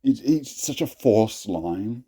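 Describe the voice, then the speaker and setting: A man's voice: fairly low pitch, expressive, slow, mellow, husky. A young adult man hosting a casual talk, cringing at his own old writing, swearing often and laughing at himself. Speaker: host.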